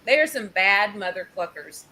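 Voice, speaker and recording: A woman hosting a casual video-call chat, telling a story in a loud, animated way. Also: mid-range voice, moderate pace, poor audio. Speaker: host.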